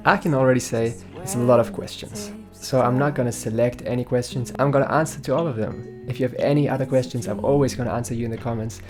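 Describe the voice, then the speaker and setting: A young man talks to his viewers in a chatty, joking way, reading out their comments and answering each one. His voice sits at an average pitch for a man, and soft guitar music plays quietly underneath. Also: fairly even intonation, fast. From Germany. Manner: chatty, upbeat, jokey, reads out comments. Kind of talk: casual Q&A vlog. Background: faint guitar music.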